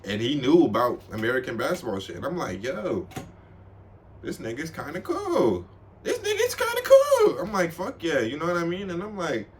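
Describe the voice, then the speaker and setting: A young man from Washington, D.C., telling funny stories to the camera in a casual, slangy way, laughing often and mimicking people in high voices. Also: a bit bright, slight background noise. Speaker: vlogger.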